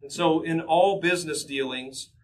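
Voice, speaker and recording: Earnest male preacher with a high voice. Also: moderate pace, rough recording. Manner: earnest, emphatic teaching with scripture quotes. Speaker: pastor. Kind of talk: sermon.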